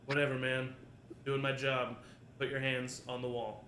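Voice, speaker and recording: A man's voice: mid-range voice, flat delivery, normal speed, sharp tone, a little hiss or hum, close to an everyday voice. Man playing a big weary guard, blunt orders, roomy echo. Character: big tired male prison guard.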